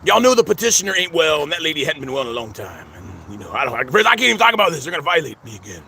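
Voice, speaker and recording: A man's voice: a little high, big pitch swings, racing, creaky, sharp tone, a little hiss or hum. A middle-aged man, vlogging outdoors in a rambling, stammering way and calling his viewers "friends" again and again. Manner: repeats 'friends' constantly, stammering restarts. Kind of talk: rambling personal vlog. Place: outdoors at a cemetery.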